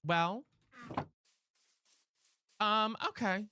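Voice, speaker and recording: Sassy dramatic streamer dude, kinda high voice, faint noise in the back. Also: male voice, drawn-out words, bright, forceful tone. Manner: sassy, dramatic, chatty with chat. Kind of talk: live gameplay streaming with chat.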